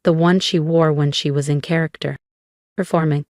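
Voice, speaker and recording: Telling her own revenge tale, a woman keeps a cool, steady delivery and pauses with intent. Her voice sits fairly low with a darkish tone, recorded up close and dry with no room sound.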